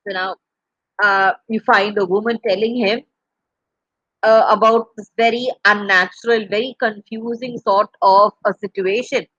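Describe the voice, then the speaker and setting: A woman's voice: mid-range voice, steady tone, measured pace, fairly bright tone, no echo, dull audio. A woman reads a classic story aloud and explains it in plain words, with frequent fillers. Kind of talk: reading and paraphrasing literature.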